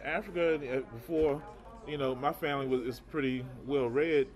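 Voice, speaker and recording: A man co-hosting a casual chat show, telling stories in a rambling, animated way and repeating words as he goes. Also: mid-range voice, normal speed. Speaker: podcast co-host.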